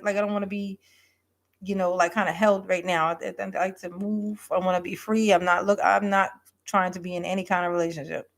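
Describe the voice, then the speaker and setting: Woman host, casual live stream rant, blunt and profane, halting with fillers. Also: mid-range voice. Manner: blunt, profane, animated, lots of fillers and restarts. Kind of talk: casual livestream advice rant.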